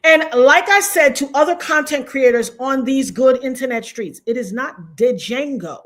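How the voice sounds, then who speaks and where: A woman's voice: sits high, a little slow, a bit bright. An American woman doing casual commentary, emphatic and repetitive, with sudden outbursts. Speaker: commentary vlogger.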